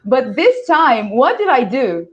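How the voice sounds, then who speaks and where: A Brazilian woman whose first language is Portuguese, speaking English with a Brazilian accent, telling a lively story on a video call and acting out the voices in it. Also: high-pitched, measured pace, dull audio. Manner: animated, laughing, acts out quoted voices. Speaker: guest English teacher. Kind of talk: storytelling in a live online panel.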